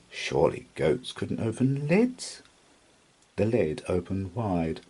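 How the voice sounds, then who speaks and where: Slow, husky man reading a storybook aloud. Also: on the low side, wildly swooping pitch, darkish tone. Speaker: storybook reader. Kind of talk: children's read-aloud narration.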